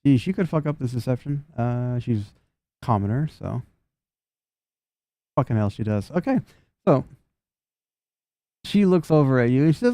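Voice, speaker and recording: A man's voice: mid-range voice, animated, a little slow, pauses often, warm tone, no echo. A man narrating a tabletop game as game master, casual, swearing and laughing often.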